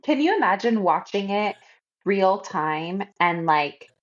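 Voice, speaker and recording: A woman's voice: mid-range voice, expressive, slow, highs cut off. A woman co-hosting a podcast in casual chat, reflective and readily agreeing. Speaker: podcast co-host.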